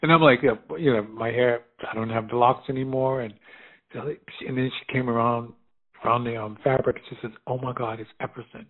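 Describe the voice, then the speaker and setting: Husky man, lively storyteller, phone-like sound. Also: medium pitch, moderate pace. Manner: animated, laughs often, lively retelling with quoted voices. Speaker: fashion designer guest. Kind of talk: casual storytelling conversation.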